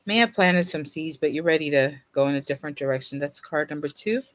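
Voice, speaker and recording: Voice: medium pitch, quick pace, fairly bright tone. Sleepy, rambling tarot reader. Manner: rambling, self-interrupting, with laughs and fillers; reads card meanings from a guidebook aloud. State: sleepy, yawning. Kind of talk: casual tarot reading to camera.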